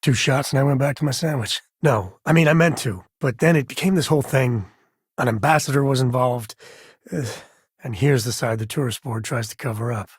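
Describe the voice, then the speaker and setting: A man's voice: medium pitch, fairly quick, slightly rough, no echo, close to an everyday voice. An actor playing an easygoing male space cowboy companion in a video game, with a wry, laid-back drawl and dry humor. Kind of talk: game voice lines. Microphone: close studio mic. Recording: dry close studio recording.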